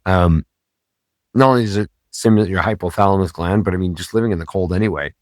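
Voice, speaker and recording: A man's voice: low-pitched, fast talker, no echo, studio quality. A man hosting a podcast, talking in a casual, rambling way with many fillers and self-corrections. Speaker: podcast host.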